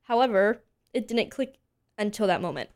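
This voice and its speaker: A woman in her twenties, a voice teacher from Pennsylvania, chatting as an interview guest and telling animated stories full of fillers. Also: medium pitch, normal speed. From Pennsylvania, USA. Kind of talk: casual interview chat.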